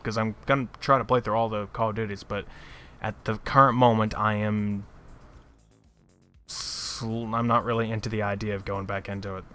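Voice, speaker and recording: A man's voice: on the low side, little pitch movement, moderate pace, sharp tone, faint music behind. A man chatting casually on a gaming podcast, blunt and opinionated, laughing at his own points. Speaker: podcast co-host. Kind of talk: casual chat.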